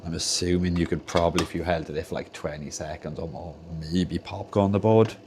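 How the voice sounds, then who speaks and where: In his home workshop, a young Welsh streamer with a deep voice and a Welsh accent talks at a fairly quick, steady pace over background noise. He's fixing game controllers at his soldering bench and rambling in casual livestream chat as he tinkers.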